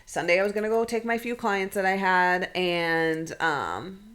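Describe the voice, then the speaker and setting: A young adult woman co-hosting a podcast, telling an emotional story casually, swearing freely and quoting people in quick bursts. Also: lowish voice, fairly bright tone. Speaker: podcast co-host.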